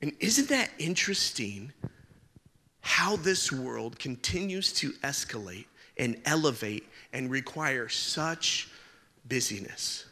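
Bright-voiced male preacher in a reverberant hall. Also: medium pitch, lively intonation, slow. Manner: jokey, conversational preaching. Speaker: pastor. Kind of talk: sermon with humorous stories.

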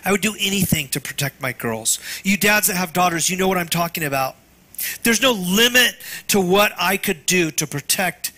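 Earnest pastor guy, bright ringing tone, gets soft and hushed sometimes. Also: on the high side. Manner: earnest and tender, often dropping to a hush. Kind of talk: sermon.

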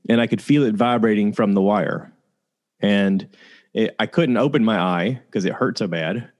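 Male podcast host, lower register, candid first-person storytelling, loose and conversational with fillers. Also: moderate pace, a little mellow.

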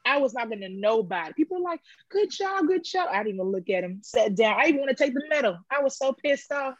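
A woman's voice: quick pace, dry recording. A woman recounts a competition story in a casual interview, her voice leaping up whenever she acts out what someone said. The sound is a little dull and dry. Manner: animated storytelling, acts out quotes with high pitch jumps. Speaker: powerlifter guest.

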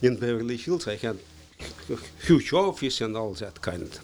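A man talking as a studio guest in a slow, halting, playful way, with non-native grammar. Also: medium pitch, very animated, darkish tone, a little hiss or hum. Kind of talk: casual interview chat.

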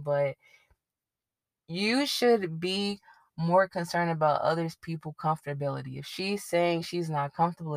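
Young woman, podcast host, low-pitched, casual rambling talk, dry recording. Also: no room sound. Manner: conversational, rambling, admits getting tongue-tied. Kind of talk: casual solo podcast commentary.

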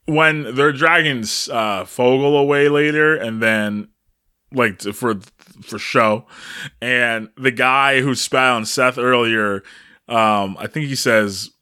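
A man's voice: medium pitch, slow, pushed and bright, clear, resonant tone. A young man in casual chat, laughing as he recaps movie scenes and acts out quotes.

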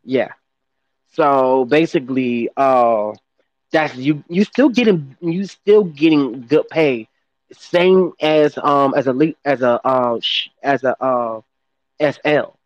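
A man co-hosting a casual gossip podcast, talking haltingly with lots of fillers and restarts. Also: mid-range voice, no room sound, dull audio. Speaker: podcast co-host.

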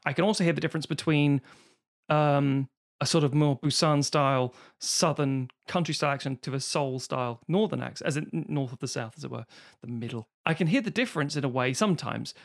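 A man's voice: a little high, fairly quick, gravelly. A British man in casual podcast chat, swearing freely and slipping into silly voices. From Britain.

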